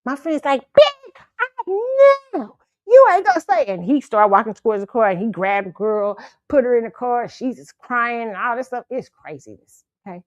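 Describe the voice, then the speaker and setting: A woman hosts her own show and tells a story in a loose, profane style that keeps breaking into laughter. Her pitch swings widely from line to line. The sound is dry and close, with no room around her. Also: brisk, hardly any pauses, dry recording, muffled recording. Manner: animated, profane, laughs often. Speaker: show host. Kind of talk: casual storytelling monologue.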